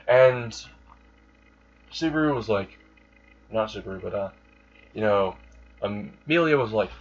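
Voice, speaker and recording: A man's voice: fairly low pitch, normal speed. A man improvising a fan story aloud in a rambling way, with fillers and self-corrections, on a dull lo-fi recording. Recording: dull lo-fi sound.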